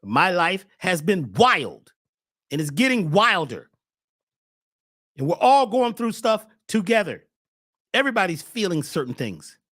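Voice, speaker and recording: A man hosting a spiritual talk show, preaching with fire, shouting at times and then dropping to a hush. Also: high-pitched, big pitch swings, a little slow, long pauses. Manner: preachy, swings from shouting to hushed. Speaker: host.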